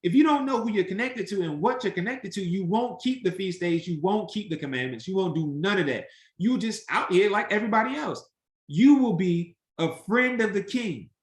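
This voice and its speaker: A man teaching an interactive Bible study, animated and emphatic, acting out the voices he quotes. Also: high-pitched, normal speed, echoey room.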